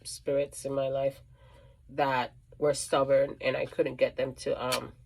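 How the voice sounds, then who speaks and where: A woman's voice: extremely low pitch, flat delivery, measured pace, vocal fry, a little mellow, husky. A woman working as a psychic medium, telling a casual storytime monologue in a rambling way, restarting and repeating phrases with many ums.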